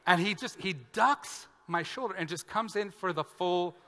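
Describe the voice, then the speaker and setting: A pastor tells a comic story from the pulpit, acting out each line of the exchange with real animation. His voice is bright and a little high for a man. The sound hangs in a large hall with a long reverb. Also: normal speed. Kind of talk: sermon with a funny personal story. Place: church sanctuary.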